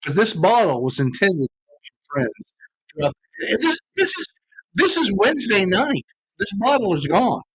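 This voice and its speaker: A man's voice: high voice, very animated, moderate pace, fairly bright tone, breathy edge, dry recording, rough recording. Emphatic, opinionated male guest. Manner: emphatic, opinionated, repeats himself. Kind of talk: casual tipsy chat.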